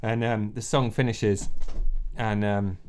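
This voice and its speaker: A man's voice: fairly low pitch, steady tone, slow, darkish tone. A man narrating a tabletop role-playing game as game master, rambling and often laughing between scene descriptions. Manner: rambling, with many fillers and restarts, often laughing.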